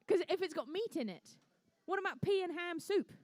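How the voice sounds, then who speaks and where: A woman's voice: very high voice, animated, fairly quick, a little mellow, no room sound. A woman commentating a live competition, bubbly and jokey, chatting with the crowd between rounds. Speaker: event commentator and MC.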